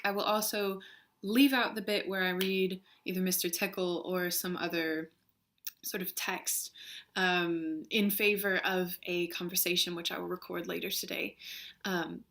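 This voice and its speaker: A woman's voice: fairly low pitch, sharp tone. A young woman from the States, talking casually in a video diary and reading a word list, with frequent ums. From Western United States. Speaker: vlogger, linguistics student.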